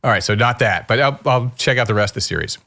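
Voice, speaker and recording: A man's voice: medium pitch, fast, vocal fry, bright, forceful tone. A middle-aged man hosting a podcast, chatting and telling stories loosely with frequent restarts. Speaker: podcast host. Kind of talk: casual conversational interview.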